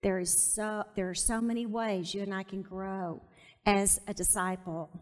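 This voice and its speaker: A woman's voice: mid-range voice, steady tone, moderate pace. A woman teaching a Bible study sermon, emphatic, repeating key phrases and asking her listeners to say them back to her. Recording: long hall reverb.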